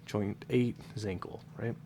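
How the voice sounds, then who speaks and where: A man explains a modding process in a relaxed, slow, low-pitched way, his nose audibly congested from allergies. He talks loosely, with fillers and half-finished words he corrects on the fly. A faint hum of noise sits under the voice. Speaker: modding tutorial maker. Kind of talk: casual screen-recorded tutorial.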